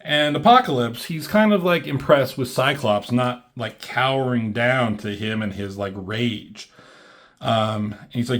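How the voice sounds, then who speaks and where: A man's voice: mid-range voice, unhurried, fairly bright tone. A man casually reviewing a comic book, rambling and swearing freely, with lots of ums and likes. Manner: rambling and profane, many fillers like "um" and "like".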